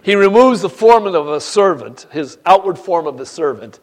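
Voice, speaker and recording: A middle-aged male pastor preaching a sermon, reading scripture dramatically with swings between loud and hushed delivery. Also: high-pitched, expressive, normal speed.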